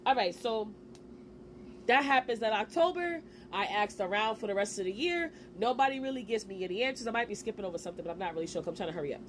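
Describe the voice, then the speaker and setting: A woman in her forties telling a personal story to camera in a casual, animated way, with slang and quick asides. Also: medium pitch, slight background noise. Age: 40s. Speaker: vlogger.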